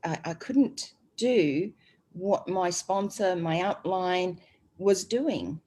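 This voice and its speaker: Australian woman, low-pitched, talkative panel speaker on a video call. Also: slow, mellow, slightly rough. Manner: chatty, rambling, frequent fillers. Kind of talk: casual online group discussion.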